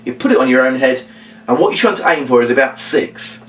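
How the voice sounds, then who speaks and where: A man explaining a children's party routine and acting out what he says to the kids, with big bursts of shouting. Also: medium pitch, fairly quick. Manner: animated, acts out lines to children with big shouts. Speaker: children's entertainer teaching a routine. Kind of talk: instructional talk with acted demonstrations. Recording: voice from a distance off the mic.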